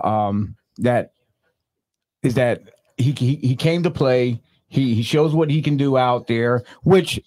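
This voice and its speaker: A man's voice: mid-range voice, darkish tone. A man co-hosting a talk show, giving a review in casual chat with many restarts. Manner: halting, many fillers and restarts. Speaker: podcast co-host.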